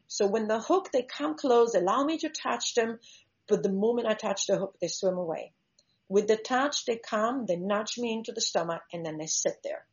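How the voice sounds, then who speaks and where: A woman of middle pitch tells stories as an interview guest. She explains in an animated way and acts out examples as she goes. The recording sounds a little dull and lo-fi. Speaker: shark diver and conservationist, guest. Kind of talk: conversational interview storytelling.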